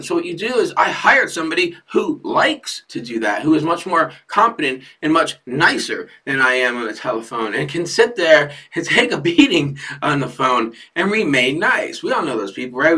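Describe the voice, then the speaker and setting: A man who owns a fence company gives an energetic business talk, asking "right?" after his points. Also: fairly high pitch, moderate pace, recorded from a distance. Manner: energetic, repeats "right?" often.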